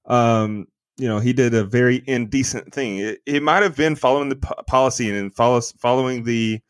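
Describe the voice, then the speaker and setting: A man's voice: medium pitch, brisk, clean tone, no room sound. A man co-hosting a podcast, giving an opinionated, rambling movie review full of fillers and restarts. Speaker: podcast co-host. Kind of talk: casual movie review chat.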